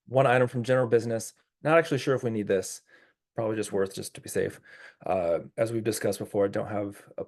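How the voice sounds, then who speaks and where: Man who is losing his voice, low and gravelly, runs a community meeting in an easygoing, procedural way. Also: a little fast, a little mellow. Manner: casual, clarifying, procedural. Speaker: meeting chair of a neighborhood commission. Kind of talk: chairing a public meeting.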